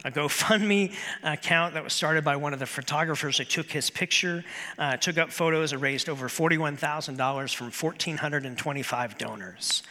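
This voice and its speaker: A man preaching a sermon as pastor in a church, earnest and measured, with slow emphatic pauses. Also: fairly high pitch, pushed and bright. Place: church sanctuary. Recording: long hall reverb.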